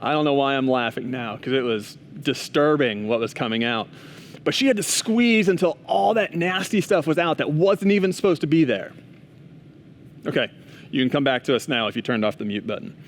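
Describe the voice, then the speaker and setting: A man's voice: fairly high pitch, slight background noise. A young man giving a casual chapel talk to students, telling a story in a chatty way with frequent asides and restarts. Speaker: school chapel speaker.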